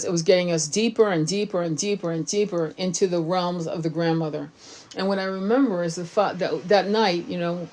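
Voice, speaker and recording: A woman's voice: lowish voice, darkish tone. A woman talking in a casual, blunt monologue, with plenty of swearing and emphatic asides. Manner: blunt, profane, emphatic storytelling. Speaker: tarot reader.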